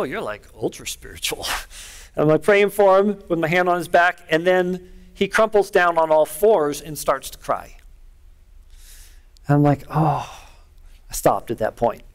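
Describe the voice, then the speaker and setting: A middle-aged man preaching a sermon, telling a personal story in an earnest, conversational way. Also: on the high side. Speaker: pastor.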